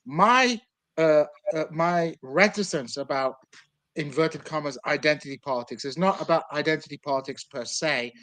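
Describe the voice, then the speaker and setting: A man's voice: on the high side, normal speed, fairly bright tone, no echo, poor audio. Argumentative man, dry close sound. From Kurdish background. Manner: discursive, argumentative, many fillers. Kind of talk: casual political discussion.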